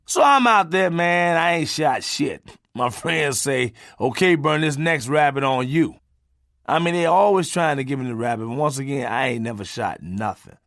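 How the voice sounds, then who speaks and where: A man's voice: mid-range voice, big pitch swings, normal speed, vocal fry, fairly bright tone, no room sound, studio quality. Profane casual comic storyteller, man. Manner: casual, street-talk, punctuated by "man". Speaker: comedian reading his memoir.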